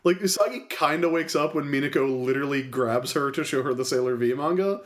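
A man co-hosting a podcast, chatting loosely about a cartoon episode and acting out its lines for laughs. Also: medium pitch. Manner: joking, rambling, quick to act out lines. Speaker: podcast co-host. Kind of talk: casual chat recapping a cartoon episode.

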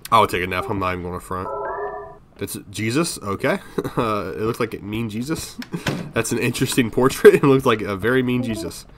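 A man with a fairly low voice gives loose, casual commentary while playing a horror game. He is jumpy and swears freely, muttering to himself and calling out to viewers. Faint noise sits under his voice. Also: brisk. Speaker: gaming video creator.

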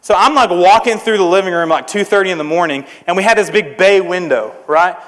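A young traveling preacher with a high-pitched, slightly bright voice speaks briskly, delivering a youth sermon at a church service before an audience. He tells stories in a joking, self-deprecating, conversational style. Long hall reverb fills the recording.

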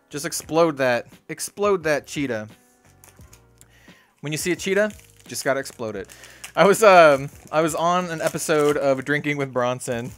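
A young man hosting a card-opening video in a small hot room, rambling and excitable, talking about being sweaty and needing to calm down. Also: mid-range voice. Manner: excitable, rambling, lots of "dude" and "like". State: sweaty and worked up. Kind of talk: casual case-opening commentary.

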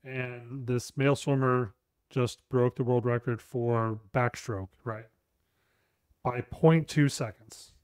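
A young man co-hosting a podcast, talking in a loose, rambling way and cursing without a second thought. His voice sits at an ordinary pitch and is recorded close and dry, with no room sound around it. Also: fairly even intonation, slow, smooth, dry recording. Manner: blunt, rambling, swears casually. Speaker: podcast co-host. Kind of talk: casual chat.

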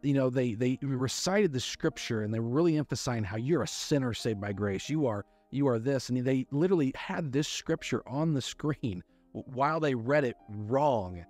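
A man's voice: medium pitch, lively intonation, moderate pace, darkish tone, soft background music. A man preaching a sermon, emphatic and repeating key words as he reads scripture aloud. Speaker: pastor.

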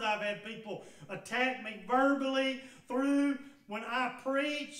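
A man with a Southern US accent preaching a sermon as pastor, building to fervent shouted peaks, recorded in a church sanctuary from a distance. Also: very high voice. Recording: echoey church from far off.

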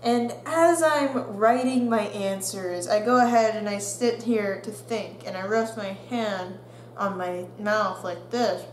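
A young adult woman vlogger telling a story, animated and laughing, acting out the quotes. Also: mid-range voice, slow. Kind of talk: storytime vlog. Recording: roomy echo with faint hum.

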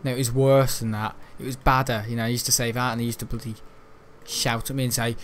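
A man's voice: mid-range voice, flat delivery, fast, a bit bright. A young man rambling casually while playing a game, swearing mildly and restarting his sentences often. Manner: meandering, chatty, swears casually, frequent restarts. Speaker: gaming YouTuber. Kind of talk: rambling let's-play commentary.

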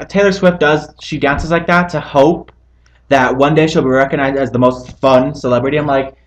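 A man hosting a casual chat at home, animated and fond of mimicking people. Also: medium pitch, moderate pace, muffled recording. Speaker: host. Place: indoors at home.

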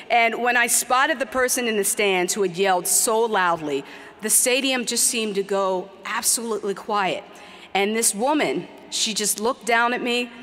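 A woman's voice: medium pitch, fairly bright tone. Middle-aged woman, commencement speaker, earnest and emphatic, long hall reverb. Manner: earnest, emphatic with slow, repeated exhortations. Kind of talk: commencement speech. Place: large hall.

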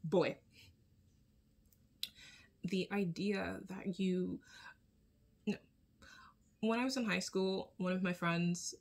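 A woman delivers casual commentary in a somewhat low voice. She keeps it conversational and blunt, with the odd swear, and often pauses to check in with a questioning tag. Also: gravelly. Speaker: video commentator.

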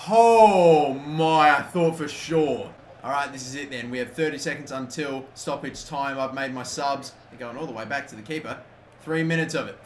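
Excitable young man, swearing gameplay commentary. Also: on the high side. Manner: excitable, swears, swings between yelling and muttering. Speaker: gaming YouTuber. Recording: echoey room, faint ambient noise.

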